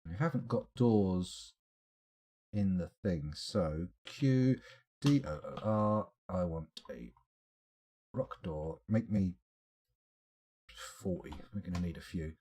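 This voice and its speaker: A man's voice: low-pitched, animated, slow pace, pauses often, warm tone, slight background noise. A man streaming a strategy game live, muttering to himself as he clicks through menus and now and then answering his chat. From United Kingdom. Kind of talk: live gameplay commentary.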